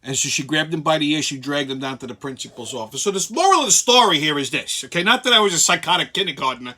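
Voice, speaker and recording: A man's voice: fairly high pitch, lively intonation, fast talker, few pauses, sharp tone. A middle-aged man from Brooklyn with a New York accent, hosting a show and telling a profane story in a brash, swaggering way. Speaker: host.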